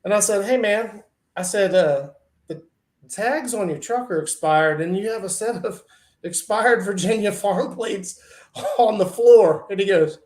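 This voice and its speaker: Guy with kinda high voice telling a funny story, laughs a lot, echoey room. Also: measured pace. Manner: animated, laughs often, acts out quoted friends. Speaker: truck and tractor pulling guest. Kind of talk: casual storytelling on a live show.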